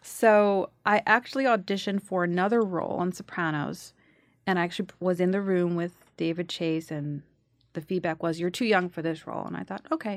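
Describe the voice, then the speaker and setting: Animated New actress guest. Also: female voice, on the low side, a little fast, dry recording. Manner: animated storyteller, acts out quotes. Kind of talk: casual interview chat.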